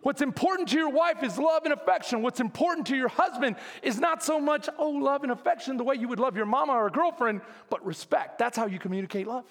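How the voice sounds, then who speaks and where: High-pitched pastor guy preaching, super lively, big echoey church hall. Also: quick pace, hardly any pauses. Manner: animated, conversational preaching with call-outs to the congregation. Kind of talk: lively sermon. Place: church sanctuary. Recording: long reverb of a church hall.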